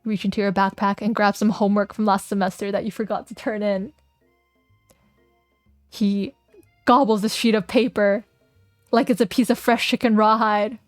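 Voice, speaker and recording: A woman's voice: mid-range voice, level tone, normal speed, pauses often, no echo, soft background music. A young woman streaming a game, chatting playfully and reading its text aloud, giggling often.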